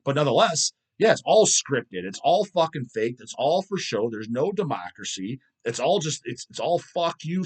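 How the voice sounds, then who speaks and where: A man around forty from the United States, hosting a casual livestream chat and swearing constantly as he rants. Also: medium pitch. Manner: profane and ranting. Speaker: livestream host.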